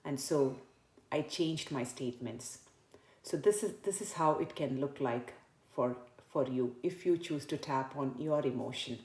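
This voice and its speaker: A woman practitioner talking through an emotional tapping script, soft and slow in the repeated statements. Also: rumbling low, echoey room. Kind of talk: guided tapping demonstration.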